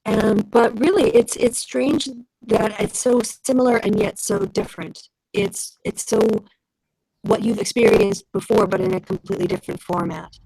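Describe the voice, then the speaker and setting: A woman's voice: a little high, moderate pace, gravelly, slightly rough, no room sound, rough recording. A woman chatting as a guest on a video call, talking effusively and repeating herself as she gushes about friends. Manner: warm, effusive, repetitive, animated. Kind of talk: casual chat.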